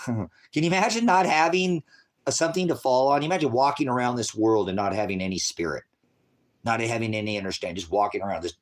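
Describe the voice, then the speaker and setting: Talking a little fast, a livestreamer in his sixties wanders through a monologue, swearing without restraint. He alternates between low mutters and loud rants.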